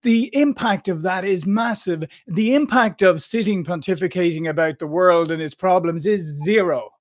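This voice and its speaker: A man's voice: high voice, moderate pace. A man hosting an interview podcast, reflecting on his guest's story with engaged commentary. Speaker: podcast host. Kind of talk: interview conversation.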